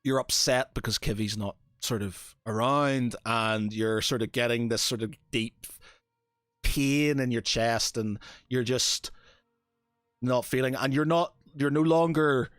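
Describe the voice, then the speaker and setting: A man narrating as game master, halting and restarting often as he describes a scene. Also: mid-range voice, a bit bright, smooth, no echo, studio quality. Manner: halting, full of fillers and restarts.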